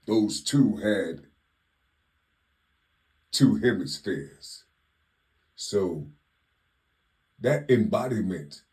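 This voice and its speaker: A man giving a slow spiritual monologue, asking drawn-out rhetorical questions and repeating "you see" constantly. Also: lowish voice, warm tone. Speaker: spiritual teacher.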